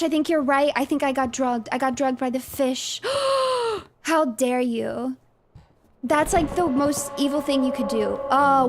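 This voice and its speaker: A woman's voice: high voice, noisy background. A young woman streaming a game, chatting casually and exclaiming in flustered bursts.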